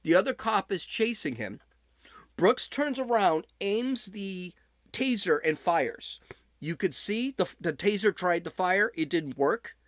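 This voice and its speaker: Higher-voiced man, dry close podcast sound. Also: animated, a little slow, dry recording. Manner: conversational recounting with frequent restarts. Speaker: podcast host. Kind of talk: casual podcast commentary.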